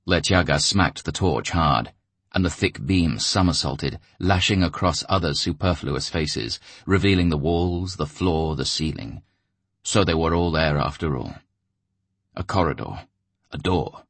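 A man narrating an audiobook in a measured, steady way. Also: low-pitched, no echo.

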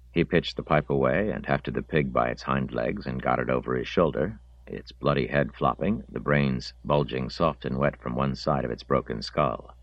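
A man reading a novel aloud in measured, gritty scripted narration. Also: extremely low pitch, no echo, lo-fi sound. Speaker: audiobook narrator.

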